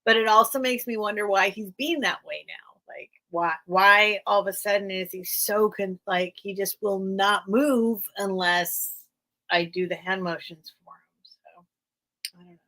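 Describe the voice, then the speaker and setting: American woman rambling on her live sale stream, bright voice, laughs a lot. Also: mid-range voice, unhurried. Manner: rambling, chatty, laughs often. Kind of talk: casual livestream chat.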